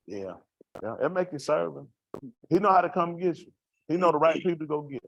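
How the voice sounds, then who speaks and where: This man's voice is a little high and creaky, expressive and brisk. He gives a congregation a raw, vernacular testimony about street life, asking the room rhetorical questions as he recounts what happened.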